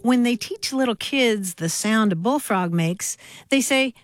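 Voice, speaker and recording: A woman's voice: a little high, animated, measured pace, no echo, studio quality. A woman co-hosting a call-in radio show, explaining things to callers in a friendly way. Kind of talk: casual call-in chat.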